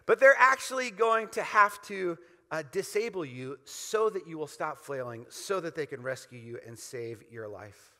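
A man's voice: fairly high pitch, animated, moderate pace, pushed and bright, big-room sound. A man preaching a sermon as pastor, emphatic and repetitive, leading the congregation in call-and-response.

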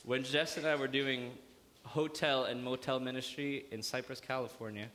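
Pastor, man, lively, joking sermon, hall reverb. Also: mid-range voice, moderate pace. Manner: lively preaching with jokes and acted-out asides. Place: church hall.

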